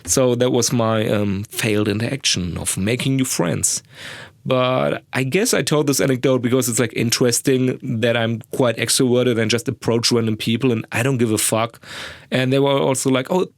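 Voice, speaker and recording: A man's voice: mid-range voice, fairly even intonation, moderate pace, creaky, no echo, studio quality. A young man, a podcast host rambling crudely and mocking himself, recorded in a sound booth. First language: German. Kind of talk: casual monologue.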